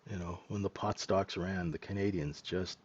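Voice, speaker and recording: A man's voice: sits low, steady tone, normal speed, darkish tone, breathy edge, muffled recording. A middle-aged man hosting a live trading room, chatting casually and joking with viewers, laughing often. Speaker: trading room host and mentor.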